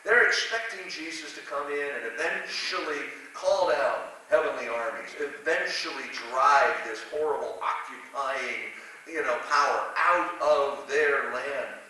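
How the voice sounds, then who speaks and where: A man's voice: a little high, unhurried, sharp tone. Man preaching in an echoey church. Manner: conversational, self-deprecating with asides and restarts. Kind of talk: sermon. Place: church sanctuary. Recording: echoey church hall from a distant mic with hiss.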